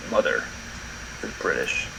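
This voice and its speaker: A man's voice: a little slow, sharp tone, poor audio. A man co-hosting a podcast in casual, laid-back chat that rambles and trails off. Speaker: podcast co-host.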